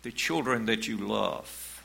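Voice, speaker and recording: A man preaching a sermon as pastor, in a slow, measured way, reading scripture aloud. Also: fairly low pitch, creaky, bright, forceful tone, low-quality recording.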